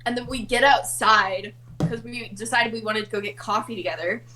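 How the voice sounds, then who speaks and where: A woman's voice: fairly high pitch, moderate pace, low-quality recording. A woman from Australia telling a rambling story in a casual group chat, laughing often.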